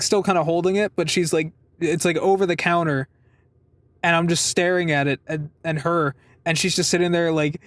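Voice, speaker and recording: Young guy, higher-pitched voice, loose rambling storyteller, dry close mic. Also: no room sound. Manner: rambling, swears a lot, laughs while telling. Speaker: vlogger telling a work story. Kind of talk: casual storytelling.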